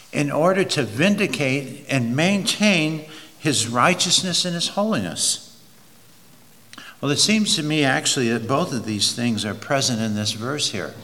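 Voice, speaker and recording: A man's voice: mid-range voice, pushed and bright, big-room sound. A man preaching an expository sermon, reading verses aloud and leaning hard on key words. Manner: slow, emphatic, drawn-out stresses on key words.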